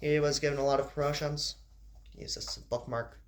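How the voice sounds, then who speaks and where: A man's voice: on the high side, level tone, fairly quick, a little hiss or hum. Casual man reading a story aloud. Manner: stumbles and restarts, casual asides. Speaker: narrator.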